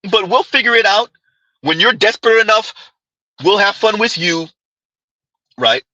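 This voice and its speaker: High, bright-voiced man ranting to chat. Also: expressive, moderate pace, dry recording, highs cut off. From Caribbean descent. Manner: emphatic, repeats phrases, talks to chat directly. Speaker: commentary host reading live chat. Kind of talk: animated live-stream commentary.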